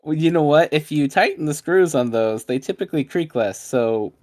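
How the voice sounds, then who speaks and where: A man co-hosting a casual chat, cracking wry deadpan jokes and sarcastic asides. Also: a little high, normal speed, no room sound, studio quality. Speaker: podcast co-host.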